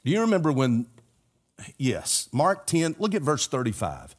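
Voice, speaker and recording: An older male pastor preaching from the pulpit in a steady, mid-pitched voice. He builds his points through earnest repetition and warms them with homespun asides. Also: moderate pace, slightly rough. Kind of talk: sermon.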